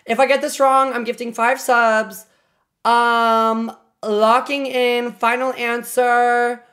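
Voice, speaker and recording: A woman streamer chatting casually on a live reaction stream, excitable, swearing often and doting on her pets. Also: fairly high pitch, slow.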